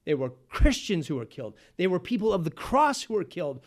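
A man preaching a sermon as pastor, asking the congregation questions and swinging from loud exclamations to hushed asides. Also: sits high, very animated, a little fast.

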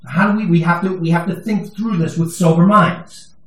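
A fairly high-voiced man preaches a sermon in a loose, conversational way that swells into emphatic moments. He is picked up from some distance in a roomy, echoing space. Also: fairly even intonation, normal speed. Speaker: pastor. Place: church sanctuary. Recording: echoey room, voice from a distance.

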